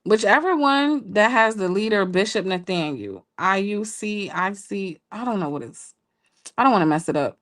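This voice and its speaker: A woman co-hosting a show, telling a story in a casual, playful way with laughing asides to listeners. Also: normal speed. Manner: animated, jumps high when quoting people. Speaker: podcast co-host telling a story.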